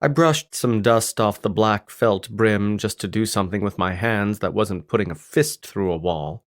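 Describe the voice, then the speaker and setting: A man narrating a first-person audiobook in a gruff, irritated tone. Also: lowish voice, normal speed, no room sound, studio quality.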